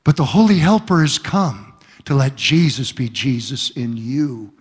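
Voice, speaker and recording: A man's voice: mid-range voice, lively intonation, a little slow, slightly rough, in a large hall. A male pastor preaching a sermon, telling stories with humor and repeating key words for emphasis. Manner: storytelling with humor and emphatic repetition.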